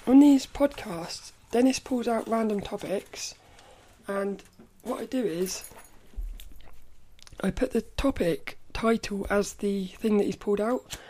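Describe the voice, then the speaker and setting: Dark-voiced rambling woman podcaster. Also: medium pitch, takes it slowly, slightly rough. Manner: rambling, stop-start, self-correcting. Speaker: podcast host. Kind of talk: casual solo chat.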